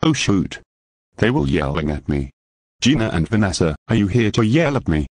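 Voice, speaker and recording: A text-to-speech voice pitched low to play a whiny male cook pleading not to be yelled at. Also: very animated, normal speed, husky, no echo, full character voice.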